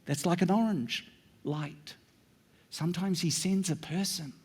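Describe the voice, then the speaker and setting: A middle-aged male pastor preaching a sermon in a church, sometimes dropping into hushed whispers for emphasis. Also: high-pitched, measured pace, husky.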